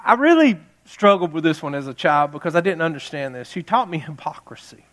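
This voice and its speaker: A man's voice: a little high, animated, fairly quick, fairly bright tone. A man in his fifties preaching a jokey Mother's Day sermon, telling family stories and laughing at them. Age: 50s.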